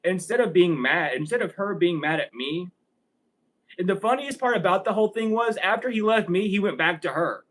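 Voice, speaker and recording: A young man talks straight to camera in a loose, rambling monologue, cursing freely and breaking into laughter. His voice sits a touch high for a man. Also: lively intonation, moderate pace, a bit bright, poor audio. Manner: profane, rambling, laughs often. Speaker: vlogger. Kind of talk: casual storytelling monologue.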